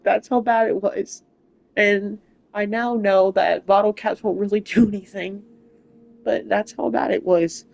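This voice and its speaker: A young adult gaming channel host speaking in a halting, emotional, rambling way in a personal update vlog, recorded on a console mic. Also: medium pitch, fairly even intonation, creaky. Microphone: console mic without camera.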